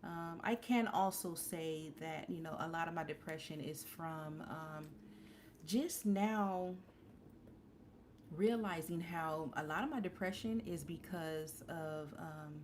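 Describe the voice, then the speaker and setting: Woman, forties, live-stream host, lowish voice, rambling candid chat. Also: takes it slowly, darkish tone, a little hiss or hum. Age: 40s. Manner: candid, rambling, many restarts and fillers. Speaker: livestream host.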